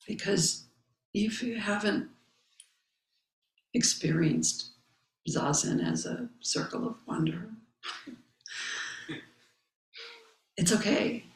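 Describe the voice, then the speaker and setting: A woman Zen teacher giving a dharma talk, reading a meditation text aloud and commenting on it in a slow, contemplative way. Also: mid-range voice, reverberant, low-quality recording. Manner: slow, contemplative, pausing often. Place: meditation hall.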